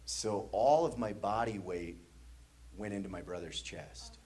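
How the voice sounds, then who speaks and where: A man's voice: low-pitched, measured pace, mellow, a little hiss or hum. A man from the American Midwest doing stand-up comedy, telling a story with laughter and sound effects on a comedy stage.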